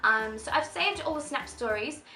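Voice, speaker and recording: A woman's voice: high-pitched, expressive, moderate pace, bright, forceful tone, slight background noise. A young woman in her twenties chatting through a shopping haul for her channel, bubbly and rambling with lots of asides. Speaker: fashion vlogger. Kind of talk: casual shopping haul chat. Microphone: camera mic. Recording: roomy echo, faint music.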